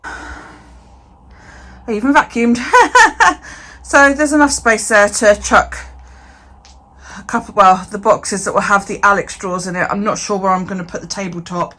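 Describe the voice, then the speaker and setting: A woman's voice: medium pitch, moderate pace, pushed and bright. A woman chatting casually in a home vlog, swearing freely and talking to her dog. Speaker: vlogger.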